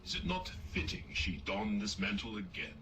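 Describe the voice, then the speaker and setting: A commanding robot ship captain for a video game. He speaks in lofty, old-fashioned naval language with a lively, swooping delivery. A constant hum sits behind his voice. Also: sits high, normal speed, echoey room, far from the mic, low-quality recording. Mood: grandiloquent. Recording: game audio with loud background hum.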